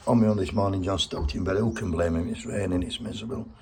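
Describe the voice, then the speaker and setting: Gravelly man, blunt and heartfelt. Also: deep voice, fast, crowd noise. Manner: blunt, heartfelt, swears freely. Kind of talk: personal spoken tribute.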